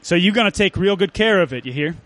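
A man voicing a gruff, excitable Dust Bowl farm father with a folksy drawl, reading at a storytelling show. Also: high-pitched, quick pace, no room sound. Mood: earnest.

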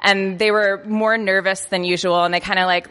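A woman's voice: medium pitch, flat delivery, normal speed, a bit bright. A woman telling a personal anecdote in a self-deprecating way, tripping over her words and laughing as she goes. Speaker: storyteller. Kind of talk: personal anecdote told to an audience. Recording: long reverb of a hall.

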